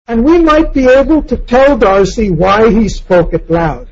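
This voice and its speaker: A man's voice: extremely high pitch, unhurried, few pauses, husky, lo-fi sound. A man giving a reflective lecture on a novel, asking questions and acting out quoted lines in passing.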